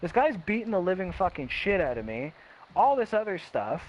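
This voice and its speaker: Animated young man, blunt and profane. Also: high-pitched. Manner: blunt, heavy swearing, quick quoted voices, restarts. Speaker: streamer telling a personal story. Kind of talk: casual storytelling. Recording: dull lo-fi with faint hiss.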